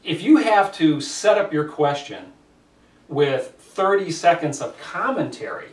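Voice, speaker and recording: Male speaking coach, animated delivery, distant camera mic in a roomy space. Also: a little high, measured pace. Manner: animated, demonstrates gestures while explaining. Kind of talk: critique of debate speakers to camera.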